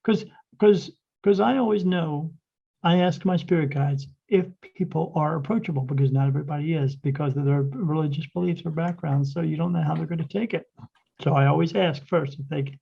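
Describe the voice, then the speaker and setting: A man with a gravelly, husky voice, pitched a little high for a man, tells a rambling anecdote and acts out the back-and-forth dialogue. The sound is dull and lo-fi, like low-grade podcast audio. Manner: rambling anecdote full of quoted dialogue and restarts. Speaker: spirit medium, podcast guest. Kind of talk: casual storytelling in a podcast interview.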